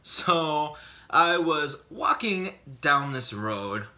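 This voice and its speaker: A male vlogger tells a comic story from his own life, his bright, sharp voice leaping high and low. He jokes along the way, talking in quick excited bursts. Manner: animated, joking, quick bursts.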